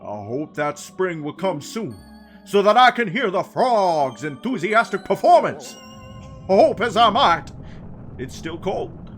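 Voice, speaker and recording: A man reading aloud as a hungry male Goron stuck on a high ledge, talking loudly and formally and gushing over food. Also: big pitch swings, slow pace, soft background music, exaggerated voice. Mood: wistful.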